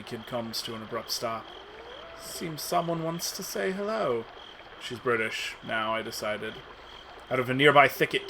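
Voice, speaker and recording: A man's voice: mid-range voice, background noise. A man streaming himself reading a text adventure aloud as dramatic narration, with asides. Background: game music.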